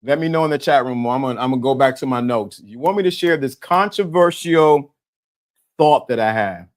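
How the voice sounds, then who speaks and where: A man hosting a live-stream talk show, animated and laughing, repeating himself and talking to the chat. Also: medium pitch, a little fast. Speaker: host.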